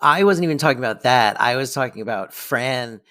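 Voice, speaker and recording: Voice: mid-range voice, animated, fairly quick, a bit bright, dry recording, clean studio sound. A podcast co-host in casual chat about a TV episode, hesitant and full of fillers. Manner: lots of "like" fillers, laughs along, hesitant.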